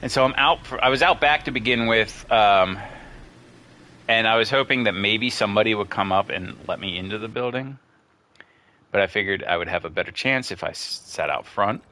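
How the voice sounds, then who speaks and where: A man chatting casually over gameplay, telling a long story in a rambling, excitable way and getting worked up as he goes. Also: on the low side, moderate pace. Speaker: gaming streamer.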